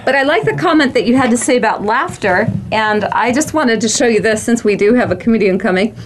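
A woman's voice: fairly high pitch, animated, fairly quick, slight background noise. A middle-aged woman hosting a talk show, chatting conversationally with her guest. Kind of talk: casual chat.

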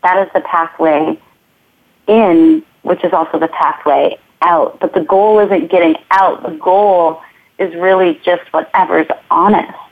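A woman talks in an earnest, flowing way, looping back over her own phrases as she explains. Her voice sits a little low and comes through a thin, phone-like line. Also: fairly even intonation, unhurried. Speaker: guest, movement teacher. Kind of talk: reflective conversational interview.

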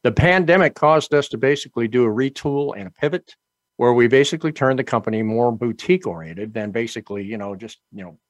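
A man hosts a live business radio show with brisk, pushy salesman patter. His voice sits in a middle register. The sound is dry and close, with no room around it. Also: medium pitch, no echo.

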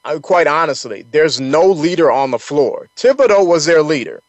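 A man's voice: fairly high pitch, expressive, normal speed, no room sound, lo-fi sound. A man hosting a sports talk radio show, giving opinionated, conversational commentary with frequent fillers and restarts.

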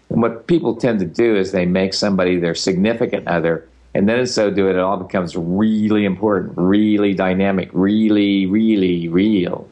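An older man with a notably deep, low-pitched voice speaks in an easygoing, loose way. He rambles through his answers in a relaxed interview, with a teasing edge now and then. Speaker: guest speaker and facilitator.

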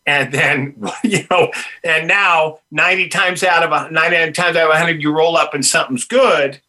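A man's voice: fairly high pitch, normal speed. An older man telling a funny personal story in a casual chat, laughing often and acting out what people said. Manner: animated, laughs often, acts out dialogue. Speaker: podcast guest, punk musician.

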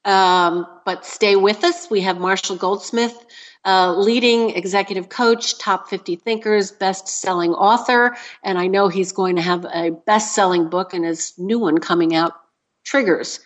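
A woman's voice: medium pitch, fairly even intonation, unhurried. A woman hosting a radio interview, enthusiastic and affirming toward her guest. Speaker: radio show host.

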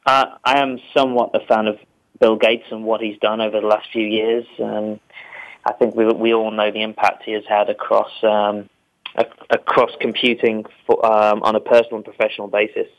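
A man speaking as a guest on a radio panel, measured and polite, pausing with fillers. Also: fairly low pitch, little pitch movement, muffled recording. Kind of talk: casual radio chat.

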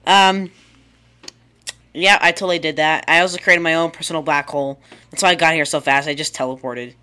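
Bright-voiced goofy boy co-host. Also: fairly high pitch, steady tone, brisk, clear, resonant tone. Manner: joking, trails off, laughs often. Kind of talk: goofy casual chat.

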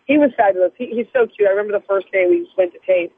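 A woman guest with a raspy morning voice, talking in a chatty, effusive way during a phone interview. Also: mid-range voice, racing, no room sound. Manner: chatty, effusive, laughs often. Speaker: guest, TV news reporter. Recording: tinny phone line, dry.

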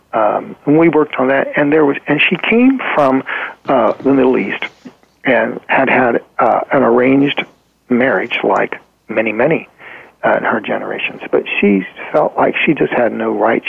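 A man telling a client story as a guest in a podcast interview, earnest and halting, with frequent ums and restarts. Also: medium pitch, creaky, slightly rough, dry recording. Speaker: guest therapist. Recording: tinny phone-like line.

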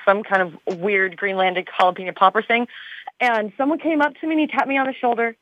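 A woman guest talks in a bubbly, rambling way, full of fillers and restarts. Her voice sits in a middle pitch. The sound is thin and phone-like, with no room at all. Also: fairly even intonation, fairly quick, no echo. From Arizona, USA. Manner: bubbly and chatty, with frequent fillers. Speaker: guest, TV show star. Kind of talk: casual interview chat. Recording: tinny phone line, dry.

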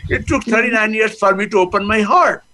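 A man's voice: high voice, a little fast, sharp tone, low-quality recording. A man, a laughter yoga guest who talks with energy and breaks into laughing chants over a phone video call.

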